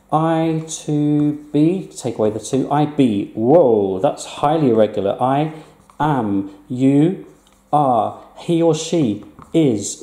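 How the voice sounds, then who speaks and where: A man teaches a grammar lesson in a chatty, playful manner. His voice is very dark and mellow. The recording carries a noticeable room echo. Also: medium pitch. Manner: chatty, playful teacher, asks rhetorical questions. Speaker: Spanish teacher. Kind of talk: recorded online language lesson.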